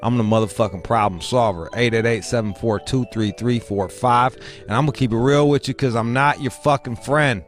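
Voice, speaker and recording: Male radio host, mid-pitched voice, loose and profane, faint music behind. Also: fairly quick, few pauses. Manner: loose, profane, hyped-up banter. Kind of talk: casual talk radio.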